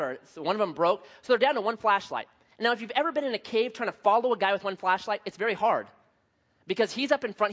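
A man pastor preaching a sermon, telling a story with lively swings from hushed to loud. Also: high-pitched. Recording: dull lo-fi sound.

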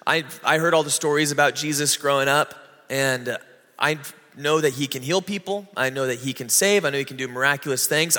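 Guy preaching, kinda high bright voice, chatty but slows down to hit points, big hall echo. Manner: conversational preaching, slows and rises for emphasis. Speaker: pastor. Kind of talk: sermon.

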